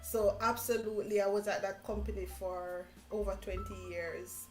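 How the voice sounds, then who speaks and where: A middle-aged Jamaican woman hosting a motivational live stream, talking in an animated way, repeating phrases and laughing often. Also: mid-range voice, normal speed. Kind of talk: casual interview chat. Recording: echoey room with faint music.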